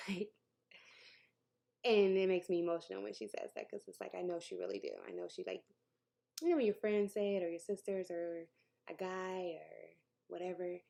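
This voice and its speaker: A woman's voice: fairly low pitch, normal speed, creaky, warm tone. A woman, talking candidly and emotionally to camera in a personal vlog, sometimes dropping to a near-whisper and laughing between thoughts. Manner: laughs between thoughts, jokes about her news. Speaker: vlogger.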